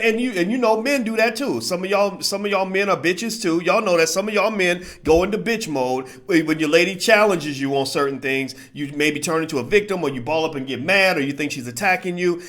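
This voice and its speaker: A man hosting live-streamed commentary, talking to his viewers in an animated, preachy way and often repeating himself. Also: medium pitch. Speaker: commentator and channel host.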